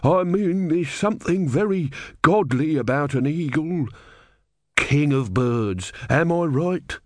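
A man's voice: on the high side, expressive, slow pace, no echo, studio quality, voice pushed up. A man voicing a boring, know-it-all elderly man with a droning, unstoppable voice.

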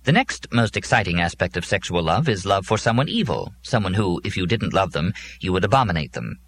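A man's voice: deep voice, very animated, a little fast, a bit bright, husky, heavily acted. A man voicing a pedantic, long-winded male robot that lectures with precision. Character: fussy pedantic male robot, wordy and earnest.

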